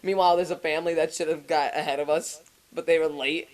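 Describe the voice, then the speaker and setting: A man's voice: a little high, fairly even intonation, fast talker, poor audio. A young man, a podcast co-host, telling a long story in casual, profane chat and often laughing as he goes.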